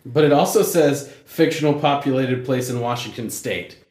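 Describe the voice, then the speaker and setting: A man's voice: mid-range voice, normal speed, a little mellow. A man hosting a casual podcast chat, laid-back as he thanks listeners and signs off. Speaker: podcast host. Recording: echoey room.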